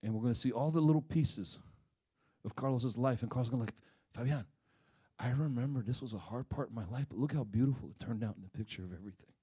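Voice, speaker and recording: A middle-aged man preaching, telling a family story in an animated way before turning soft and earnest. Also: medium pitch, fast, breathy edge. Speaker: pastor. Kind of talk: sermon with a personal story.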